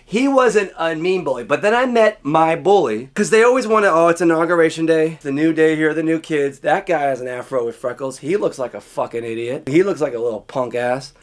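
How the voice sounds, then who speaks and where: A man telling a childhood story in a casual, profane way, acting out scenes with sudden shouts and hushed asides. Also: on the high side, a little fast, hardly any pauses.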